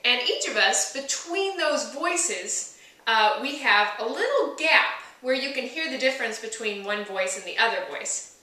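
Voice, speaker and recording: A woman's voice: fairly high pitch, lively intonation, measured pace, bright, forceful tone. A young woman teaching a singing lesson, explaining step by step and singing short demonstration notes. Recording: echoey room from far off.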